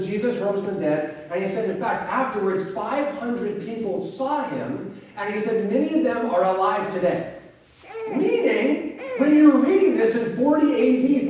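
A man's voice: extremely high pitch, lively intonation, normal speed, darkish tone. A man, a pastor, preaching a sermon in a conversational, storytelling way. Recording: very echoey hall, mic at a distance.

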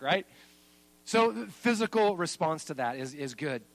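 A man preaching a sermon as pastor, making points with lively emphasis. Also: unhurried, poor audio. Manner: lively and emphatic, then soft and low at the close.

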